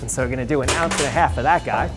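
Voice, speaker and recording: A man's voice: medium pitch, racing, over music. A man working as a bartender, explaining a cocktail step by step in an upbeat way. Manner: upbeat, explanatory, walks through each step. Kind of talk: cocktail demonstration.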